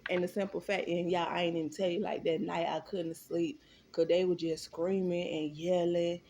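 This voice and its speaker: Animated, swearing woman telling a story. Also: lowish voice, normal speed, a little hiss or hum. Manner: animated, profane and emphatic. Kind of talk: storytime vlog.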